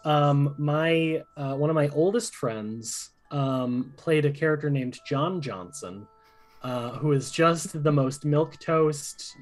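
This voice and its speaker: A man talking casually while creating characters for a tabletop game, rambling with lots of pauses. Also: medium pitch. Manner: rambling, many fillers and restarts. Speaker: game player and host.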